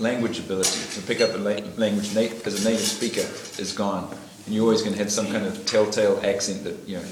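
Over a meal in an echoey dining room, a middle-aged man from New Zealand shares his life story as an interviewee, his voice fairly low-pitched. He rambles, laughs a lot, and uses plenty of fillers and restarts, while clinking dishes create loud background clatter.

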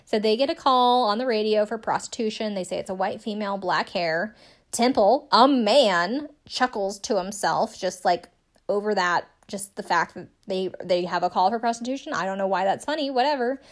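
A woman's voice: mid-range voice, moderate pace. Young woman host, loose recap chat, sarcastic asides, lots of filler "like". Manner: chatty, sarcastic, lots of "like" and laughs. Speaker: podcast host recapping a TV show.

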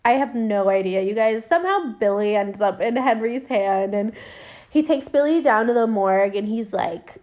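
A woman's voice: fairly high pitch, expressive, moderate pace, a little mellow. A woman recapping a film in casual chat, rambling with lots of fillers and swearing, her voice worn and her throat dry. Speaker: podcast host recapping a film.

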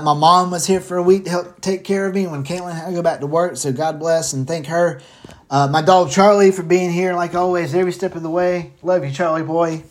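Man, football picks host, casual rambling talk, short of breath, swears now and then. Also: fairly high pitch. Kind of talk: casual sports betting talk.

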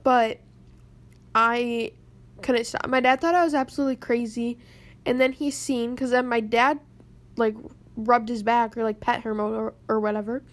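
A tearful young woman rambling through a personal story to camera, halting and close to crying. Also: fairly high pitch, fairly even intonation. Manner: rambling, halting, many pauses. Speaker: vlogger.

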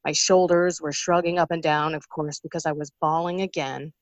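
A woman's voice: low voice, steady tone, moderate pace, no room sound. A woman in her forties giving an earnest, emotional personal testimony as an interview guest. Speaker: guest sharing a faith story.

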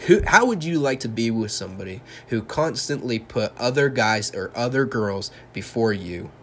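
A man's voice: mid-range voice, expressive, normal speed, a little hiss or hum. Casting: young male podcast host, solo monologue, angry sarcastic rant, frequent profanity. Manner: heated, sarcastic ranting with heavy swearing.

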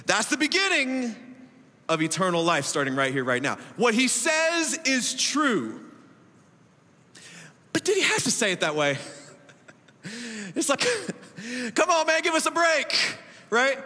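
A man in his thirties preaching a sermon as pastor, emphatic, with laughing asides and big swings between loud and soft. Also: very high-pitched, wildly swooping pitch, unhurried, long pauses. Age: 30s. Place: church auditorium. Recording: echoey hall reverb.

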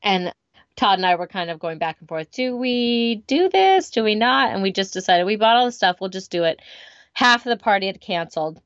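A woman's voice: medium pitch, animated, fairly quick, no echo, lo-fi sound. A woman in her thirties telling stories in casual chat as a podcast co-host, acting out what people said. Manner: chatty, storytelling with quoted asides.

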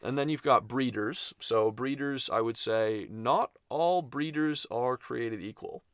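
A man co-hosting a casual talk as a veterinarian, giving relaxed, explanatory advice. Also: medium pitch, a little slow. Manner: explanatory, relaxed, laughs easily. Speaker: veterinarian co-host.

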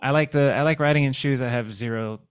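Man, mid pitch, laid-back, casual questions, swears now and then. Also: fast, clear, resonant tone, no echo, studio quality. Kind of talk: casual chat.

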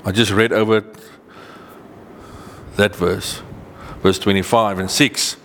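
A man preaching a sermon, reading old-style scripture verses slowly and stressing key words with rising pitch. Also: in a large hall. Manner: earnest, emphatic, rises in pitch on key points, slows to read verses.

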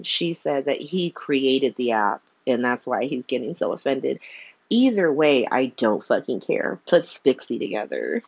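A woman recaps a soap opera episode at home near a window, sounding exasperated and frank, cursing and filling her speech with "like." Her voice sits low and a little mellow. The recording is lo-fi, with no room sound.

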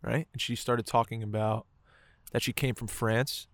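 A man's voice: medium pitch, little pitch movement, normal speed, no echo. A man telling a moving personal story in casual conversation, swearing often and filling his talk with "like" and "right". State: choked up.

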